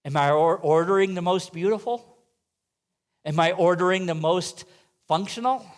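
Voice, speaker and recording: A man with a high-pitched voice delivers a sermon in a church sanctuary. He asks his listeners rhetorical questions and drops in light, playful asides to them. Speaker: minister.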